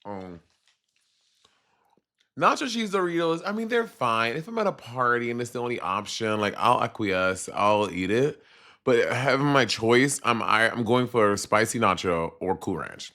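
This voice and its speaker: A man's voice: medium pitch, measured pace. A man with a Caribbean accent chatting sassily to viewers on a casual live stream. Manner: sassy, animated, chatty with viewers.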